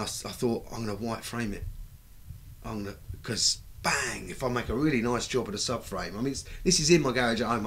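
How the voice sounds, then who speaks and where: Animated British man telling a story. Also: fairly low pitch. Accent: British English. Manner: animated, acts out quoted dialogue, swears freely. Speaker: bike builder, guest. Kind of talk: casual storytelling chat. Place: recording studio.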